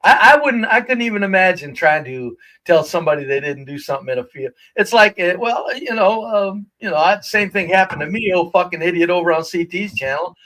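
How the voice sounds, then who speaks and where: A man's voice: high voice, lively intonation, fairly quick, hardly any pauses, sharp tone, low-quality recording. A man chatting on a livestream as a regular guest, rambling with many restarts and a lot of swearing. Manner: rambling, profane, lots of restarts. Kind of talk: casual livestream chat.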